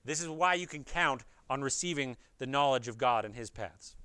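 A man's voice: medium pitch, lively intonation, normal speed, few pauses, pushed and bright, smooth, no room sound. A man preaching an expository sermon, earnest, pressing his point with rhetorical questions and speaking straight to his listeners. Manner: addresses listeners directly.

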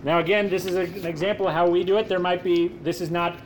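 A man's voice: sits high, flat delivery, fast, a little hiss or hum. A man preaching a sermon in an emphatic way, posing rhetorical questions and answering them himself.

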